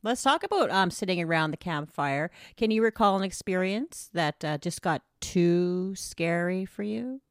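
A woman host with a fairly low voice, teasing and encouraging her guest in conversation. The sound is dry, with no room echo. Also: animated, moderate pace, hardly any pauses. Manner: encouraging, playful. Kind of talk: conversational interview.

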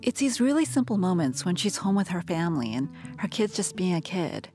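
A woman reporter reading a calm, measured scripted narration. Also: fairly low pitch, soft background music.

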